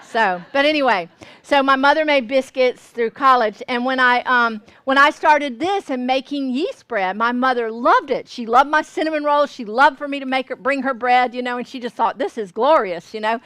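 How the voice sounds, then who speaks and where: A woman's voice: high voice, normal speed, hardly any pauses, fairly bright tone, smooth, dry recording. A woman from Georgia, teaching a baking class in a folksy way and often checking that listeners follow. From Georgia, US South. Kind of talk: cooking class demonstration. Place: store classroom.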